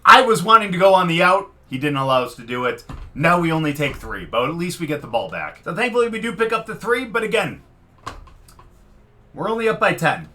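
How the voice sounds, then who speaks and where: Male game commentator, higher-pitched, excitable, yells at plays. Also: a little fast, slight background noise. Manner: excitable, swings from muttering to shouting at the quarterback. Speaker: gaming commentator. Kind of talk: live gameplay commentary.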